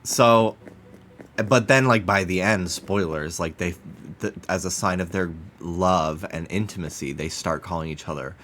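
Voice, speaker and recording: A man's voice: deep voice, measured pace, a bit bright, soft background music. A man streaming a game, chatting casually and playfully while he decorates, with light swearing. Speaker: streamer playing a life-sim game.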